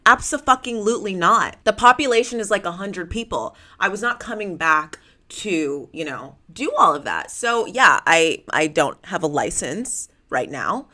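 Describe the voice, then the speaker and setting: A woman's voice: lowish voice, sing-song, unhurried, sharp tone. Chatty, dramatic woman in her late twenties. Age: late 20s. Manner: chatty, dramatic, self-mocking, lots of "like". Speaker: podcast host. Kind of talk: casual solo podcast chat.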